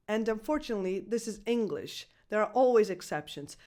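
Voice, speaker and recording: Clear, deliberate woman pronunciation coach. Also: mid-range voice, animated, mellow. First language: Italian. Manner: clear and deliberate, slows to model sounds and spell out letters. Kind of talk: video lesson to camera.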